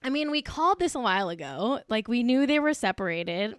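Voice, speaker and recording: A woman's voice: a little high, expressive, fairly quick, clean tone, dry recording, studio quality. A tipsy woman hosting a celebrity gossip podcast, talking in a giggly, profane, gleefully catty way. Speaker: podcast host. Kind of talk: casual celebrity gossip chat.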